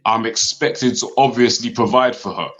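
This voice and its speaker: A man's voice: mid-range voice, fairly even intonation, normal speed, a bit bright. A man who works construction, arguing sarcastically in a heated debate and tacking "yeah?" onto his points. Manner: sarcastic, argumentative, tag questions. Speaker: construction worker, debate guest. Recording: slightly dull sound.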